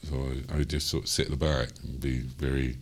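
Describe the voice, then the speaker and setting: Very deep-voiced older Cockney man. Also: flat delivery, quick pace. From London, England. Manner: rambling, many ums and you-knows, chuckles as he talks. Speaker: jazz singer. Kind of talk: interview storytelling.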